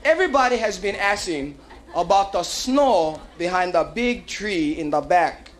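Speaking a little slowly in a high-pitched voice, a man does live stand-up with a Hawaiian Pidgin accent at a comedy club. His crowd work is animated and playful, with put-on voices, and the vinyl live recording picks up hiss and the audience laughing.

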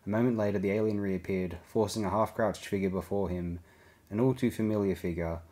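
A man reading a science fiction audiobook aloud, giving the characters' lines small shifts in pitch and volume. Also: fairly even intonation, brisk, mellow. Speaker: audiobook reader. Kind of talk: scripted narration.

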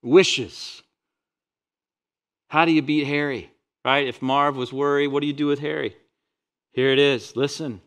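A man preaching a sermon as pastor, reading scripture with rising force and dropping into quiet, personal asides. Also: mid-range voice, a little slow, pauses often, clear, resonant tone. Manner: animated preaching, swells loud on scripture quotes; drops to quiet, intimate asides.

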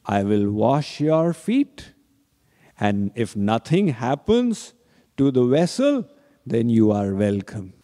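Humble bargaining boatman, shrewd and devout, slow-spoken, mellow tone, long hall echo; narrator puts him on. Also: medium pitch, big pitch swings, voice pushed down. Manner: slow, pleading, playfully bargaining. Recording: reverberant hall.

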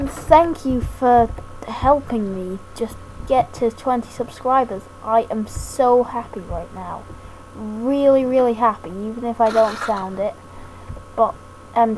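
Brief: woman gaming creator, slow and halting, self-deprecating, noisy homemade mic. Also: fairly high pitch. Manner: slow, hesitant, self-deprecating rambling with many restarts. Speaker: gaming YouTuber. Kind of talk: rambling thank-you talk over gameplay. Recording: noisy home mic recording.

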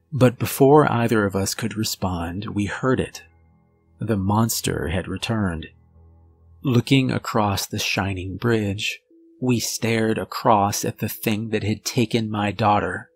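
A man reads a scripted horror story in a low, unhurried voice. His delivery is measured and steady, with faint music under it. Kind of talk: scripted narration.

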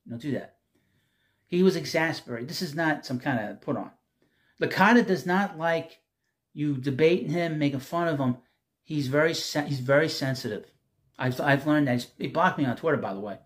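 A man's voice: a little high, moderate pace. A man hosting his own sports talk show, reading news items and ranting about them bluntly, with some profanity.

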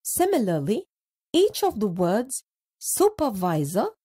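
A woman narrating a scripted school lesson, speaking slowly and deliberately and stretching words out syllable by syllable. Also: on the high side, sing-song, warm tone, slightly rough. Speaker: teacher narrator.

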